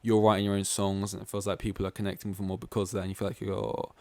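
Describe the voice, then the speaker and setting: A man's voice: sits low, level tone, very fast, dark tone, dry recording. A man from East London hosting a solo podcast, rambling casually and going off on tangents. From East London, England. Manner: rambling, goes off on tangents, heavy use of "like". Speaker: podcast host.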